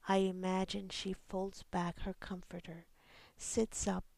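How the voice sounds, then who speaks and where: A woman reads a poem slowly and deliberately, her soft delivery often sinking to a half-whisper. Her voice carries a gravelly fry. The recording is close and dry, with no room sound. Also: mid-range voice, flat delivery, no echo. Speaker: poet. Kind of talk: poetry reading.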